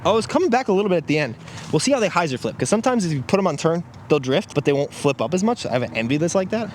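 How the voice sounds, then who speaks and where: A man's voice: on the high side, very animated, racing, a little mellow. A man giving casual commentary while throwing discs on an outdoor course, exclaiming at each shot. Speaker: disc golf reviewer. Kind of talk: casual play-along commentary. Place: outdoor disc golf course. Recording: outdoor field recording with faint noise.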